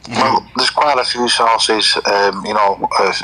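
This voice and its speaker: A man calls into a live online audio chat, keeping his voice hushed and halting. His tone is husky and sits on the low side, with a slightly breathy edge. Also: fairly even intonation, low-quality recording. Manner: quiet, hushed, hesitant. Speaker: caller. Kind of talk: casual debate.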